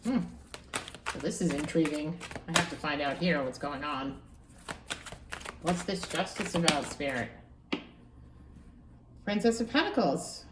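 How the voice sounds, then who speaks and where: A woman giving a casual tarot reading, musing aloud and repeating phrases with animated excitement. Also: low voice, measured pace, long pauses, distant mic, very noisy. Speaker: tarot reader. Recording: echoey room, voice from off-mic.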